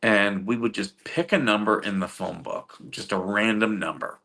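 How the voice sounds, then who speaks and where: With a fairly low, sharp-toned voice and fairly even intonation at normal speed, a middle-aged man hosts a livestream and reads chat. He chats casually, rambling through stories with frequent chuckles and fillers.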